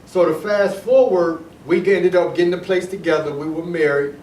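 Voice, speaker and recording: A man's voice: a little high, moderate pace, a little mellow. Rambling man, echoey room from far off. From Detroit. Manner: rambling, repeats himself, restarts sentences. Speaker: storyteller recounting his past. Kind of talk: casual personal storytelling. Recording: echoey room, voice heard from off the mic, faint noise.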